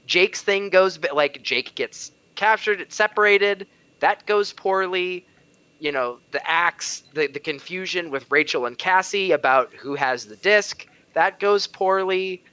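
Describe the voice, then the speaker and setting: A man with a bright, forceful voice, talking casually on a podcast. He explains his opinions at length, pushes back on the others and riffs playfully. His pitch sits a little high. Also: unhurried, clear, resonant tone, dry recording. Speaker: regular co-host.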